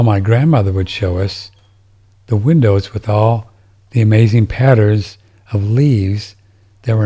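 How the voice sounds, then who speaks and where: A man's voice: on the low side, dark tone. A man hosting a podcast from home, reading listener messages and chatting casually, rambling with frequent restarts. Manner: rambling, with many restarts and fillers. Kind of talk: casual chat. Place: home, seated in a chair.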